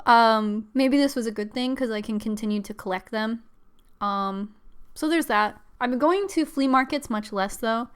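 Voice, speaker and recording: Chatty woman live streaming, clear voice. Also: a little high. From Pennsylvania, US. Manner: chatty, rambling with fillers and laughs. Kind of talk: casual live stream chat.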